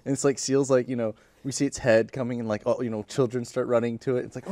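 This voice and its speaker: Man, easygoing, halting storyteller, mid pitch, dry close recording. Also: level tone, dark tone, no echo. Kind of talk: casual storytelling chat.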